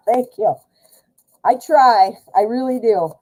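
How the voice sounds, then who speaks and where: A woman's voice: on the high side, expressive, takes it slowly, darkish tone, rough recording. An American woman hosting a casual live tarot stream, chatty with lots of fillers and self-corrections.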